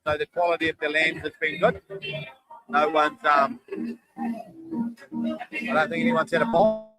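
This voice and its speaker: A man commentates live, folksy and conversational, his voice sitting high. He sounds worn from a long day. Music plays clearly underneath him. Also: measured pace, pushed and bright, rough recording. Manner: chatty, folksy, calls running tallies. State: tired after a long day. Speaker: shearing commentator.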